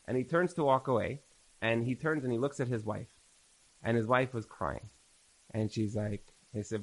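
Animated man teaching a Torah class. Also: mid-range voice, a little fast, low-quality recording. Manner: animated storyteller, repeats phrases for emphasis. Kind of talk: recorded religious class lecture.

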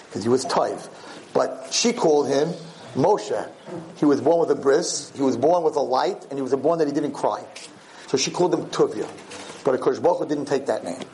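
A man teaches students in an informal Torah class, his somewhat high voice swinging widely and climbing higher when he voices God's words. He mixes Hebrew and Yiddish terms into his English. Faint room noise sits under the recording. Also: a little mellow, rough recording.

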